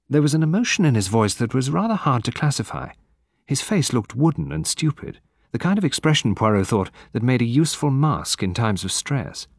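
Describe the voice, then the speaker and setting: A man narrating an audiobook in a steady, measured storytelling manner. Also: lowish voice, no echo, clean studio sound.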